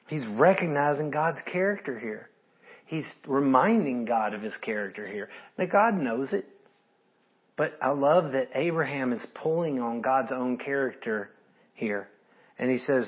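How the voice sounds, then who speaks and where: Husky-voiced man preaching earnestly. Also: mid-range voice, normal speed, highs cut off. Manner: earnest, conversational preaching with scripture read aloud. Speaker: pastor. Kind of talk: sermon.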